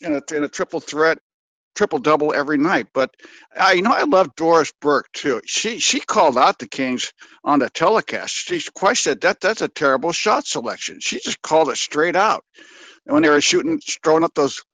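A man calling in to a sports radio show, talking in a halting, rambling way with many fillers. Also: on the high side, sing-song, fairly bright tone, no room sound, rough recording. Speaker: caller. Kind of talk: sports call-in talk.

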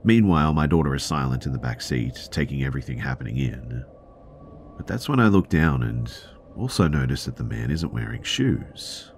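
A man reading a true scary story aloud in first person as a podcast narrator, at a steady, plain pace. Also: rumbling low, moderate pace, slight background noise.

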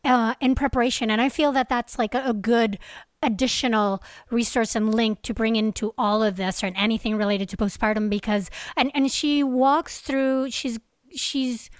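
A woman's voice: on the high side, fairly even intonation, moderate pace, no room sound, clean studio sound. A woman hosting a podcast, chatty and upbeat, talking casually with a guest and her listeners. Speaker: podcast host. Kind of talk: casual interview chat.

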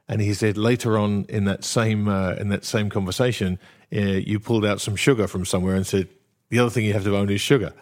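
Male interview host, low voice, halting, restarts sentences. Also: fairly even intonation, a little mellow. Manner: hesitant, many ums and restarts. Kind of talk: hosting an interview.

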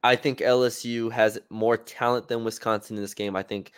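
A man's voice: mid-range voice, fairly even intonation, normal speed, clear, resonant tone, no room sound. A man co-hosting a sports podcast, talking casually and hedging with fillers and restarts.

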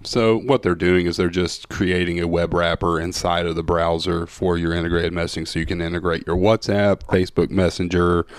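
A man co-hosting a podcast, calmly explaining a new app in casual tech chat. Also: low voice, a little fast, hardly any pauses, clear, resonant tone, no room sound, studio quality. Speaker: podcast co-host.

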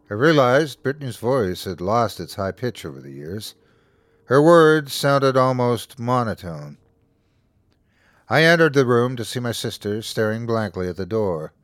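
A man hosting and narrating a first-person horror story in a steady, scripted storytelling manner. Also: medium pitch, no room sound. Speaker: host and narrator.

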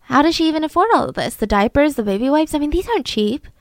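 A woman casually telling a true-crime story to a co-host, chatty and animated, with frequent asides. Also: sits high, quick pace, dry recording.

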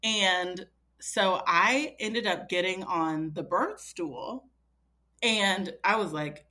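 A woman's voice: on the low side, animated, slow, bright, forceful tone. A woman in her thirties, a podcast guest telling a personal story in a chatty way, full of fillers and quoting herself. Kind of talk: casual storytelling.

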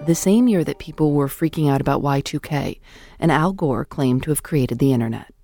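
Low-voiced woman narrating a documentary. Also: mellow, soft background music. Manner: measured, clear storytelling narration. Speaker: host and narrator. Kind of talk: scripted narration and interviewing.

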